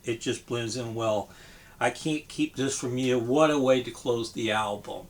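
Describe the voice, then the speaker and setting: Slow, hesitant man reviewing an album. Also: mid-range voice. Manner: hesitant, many ums and restarts; relaxed and appreciative. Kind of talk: casual spoken album review.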